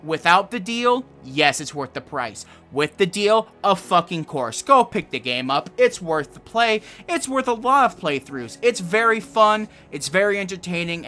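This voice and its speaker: A man reviewing a video game in a casual, excitable way, swearing a lot and rambling. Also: high voice.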